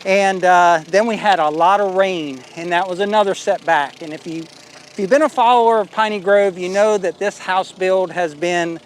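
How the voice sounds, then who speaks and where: A man's voice: sits high, normal speed, a little hiss or hum. A man vlogging outdoors at a building site, talking in a folksy, rambling way with plenty of fillers. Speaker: homestead vlogger. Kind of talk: casual vlog walkthrough.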